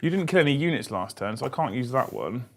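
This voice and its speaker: A man's voice: medium pitch, big pitch swings, fast, vocal fry, a bit bright, a little hiss or hum. A man playing a tabletop wargame, jokey and swearing often. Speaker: wargame player. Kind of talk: casual banter at a tabletop wargame.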